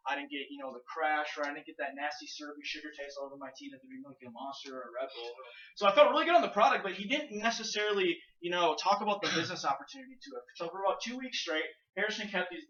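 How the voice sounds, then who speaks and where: A young man giving an energetic, salesy pitch and personal story at a house event, full of fillers like "you know" and "kinda". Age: young adult. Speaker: network marketing speaker. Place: house party, in a living room. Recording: roomy, distant, dull lo-fi sound.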